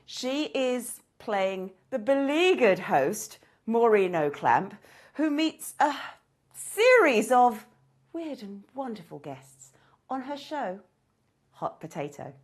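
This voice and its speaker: A woman's voice: fairly high pitch, sing-song, slow pace. A woman hosting a show, introducing a guest comedian with gushing, emphatic praise. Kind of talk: enthusiastic presenter introduction.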